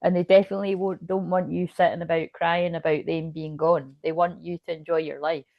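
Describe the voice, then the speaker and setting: A woman's voice: fairly low pitch, flat delivery, brisk, vocal fry, no room sound, lo-fi sound. Chatty, rambling woman tarot reader. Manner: rambling, self-interrupting, chatty with frequent laughs. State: hiccuping. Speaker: psychic tarot reader and medium. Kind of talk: casual live tarot reading.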